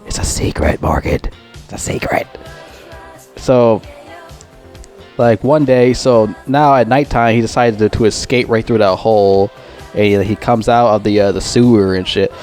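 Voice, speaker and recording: A man's voice: fairly low pitch, steady tone, normal speed, darkish tone, faint music behind. A man rambling through a casual film review, swearing constantly and trailing off with fillers.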